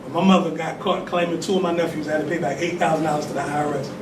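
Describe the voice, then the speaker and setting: A man's voice: fairly high pitch, steady tone, racing. A man giving a call-and-response religious talk, conversational and full of "right?" tag questions. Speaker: temple leader giving a talk. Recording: echoey distant room recording with noise.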